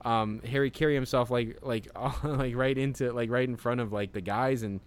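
A man's voice: mid-range voice, steady tone, clean tone. Rambling, laughing podcast co-host man. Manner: rambling, halting, swears freely, laughs often. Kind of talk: casual chat.

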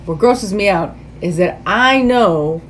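A woman's voice: medium pitch, expressive, takes it slowly, slight background noise. A woman co-hosting a podcast in casual chat, adding trivia and wry comments about a movie. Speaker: podcast co-host.

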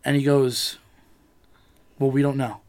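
A man's voice: medium pitch, flat delivery, unhurried, darkish tone. A man in casual chat, telling a rambling personal story, swearing freely and acting out what people said.

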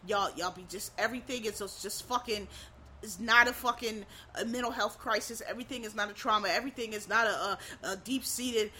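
A woman ranting bluntly to camera, swearing freely, stumbling over restarts and climbing into shouts. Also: mid-range voice, brisk, slight background noise. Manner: frequent restarts and stammered repeats. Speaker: vlogger. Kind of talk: profane ranting monologue.

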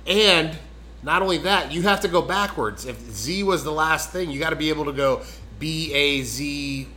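Bright-voiced man, earnest and explanatory. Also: on the high side, moderate pace, a little hiss or hum, low-quality recording. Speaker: jiu-jitsu instructor. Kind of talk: casual chat, storytelling.

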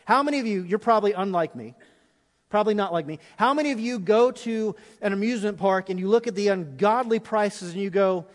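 A middle-aged male pastor preaching a sermon, passionate at times and dropping to a hushed tone in prayer, in a large church auditorium. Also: sits high. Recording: long hall reverb.

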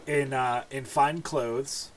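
A man narrating as game master in a relaxed, halting way with many fillers. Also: medium pitch, background noise.

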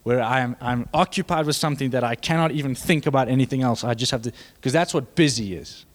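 A young man preaching a sermon, animated and joking with the congregation, building to fervent emphasis. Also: medium pitch, fast talker. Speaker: pastor.

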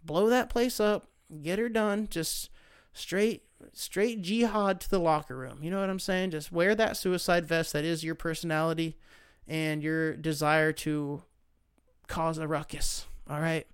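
Male host, loose and profane comic storyteller; smooth tone, close dry mic. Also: a little high, a little slow, dry recording. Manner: profane, rambling, animated. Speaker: podcast host. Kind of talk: casual comedic storytelling monologue.

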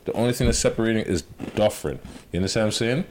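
A man chatting casually as a podcast co-host, slangy and animated, dropping into quick voices. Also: lowish voice, slight background noise. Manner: slangy, animated, does quick accent impressions. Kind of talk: casual chat.

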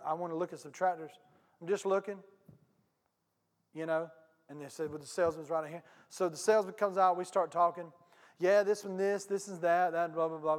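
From the pulpit of a church sanctuary, a pastor with a notably high voice tells a story as his sermon, folksy and animated, addressing his congregation directly. The big hall gives his voice a long, ringing reverb.

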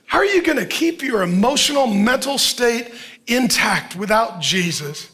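Man, pastor, sermon, very high voice, urgent pleading delivery. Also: lively intonation, moderate pace, pushed and bright. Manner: impassioned, urgent pleading preaching.

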